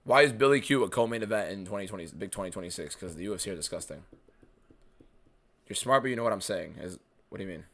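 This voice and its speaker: A man's voice: on the low side, fast, a bit bright. An American man hosting a fight watchalong stream, answering viewer questions in blunt, casual chat with a fair bit of swearing. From United States.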